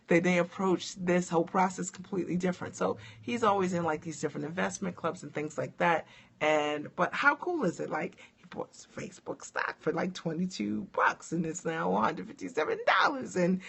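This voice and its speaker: A woman's voice: lowish voice, vocal fry, breathy edge. A woman in her forties, a coach, chatting live with viewers in an upbeat, rambling way. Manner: upbeat, chatty, many fillers and asides. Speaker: coach hosting a live stream. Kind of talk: casual live-stream chat with viewers.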